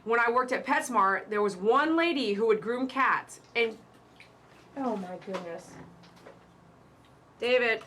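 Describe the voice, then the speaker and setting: Bright-voiced woman hosting a live stream. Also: fairly high pitch, a little slow, long pauses, slight background noise. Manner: emphatic, repeats warnings, chatty asides. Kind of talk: casual live-stream commentary.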